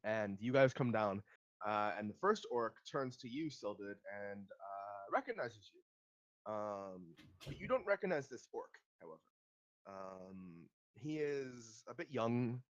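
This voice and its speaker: A man's voice: lowish voice, dull audio. A man narrating a tabletop game as game master, hesitant with many ums and restarts.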